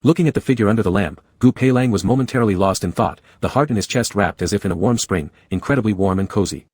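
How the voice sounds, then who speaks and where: A man reads a romance novel aloud in a measured, even narration. His voice is low and husky. The sound is dry and close. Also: no echo.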